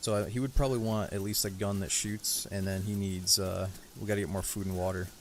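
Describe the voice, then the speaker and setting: A man with a deep voice streams a game live, delivering his words flatly and briskly over slight background noise. He chats casually with viewers and a teammate in an easygoing, rambling manner.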